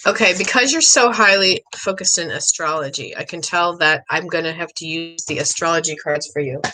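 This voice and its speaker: A middle-aged woman hosting a live psychic reading stream, chatty and rambling, excitable, often clearing her throat. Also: low-pitched, brisk, a little hiss or hum, poor audio. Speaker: psychic medium host.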